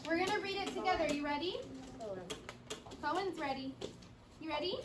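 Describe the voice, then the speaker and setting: A woman's voice: very high voice, normal speed. A woman teacher giving firm, directive instructions and praise to young children in a classroom. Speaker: elementary school teacher. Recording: echoey classroom audio from far off, loud noise.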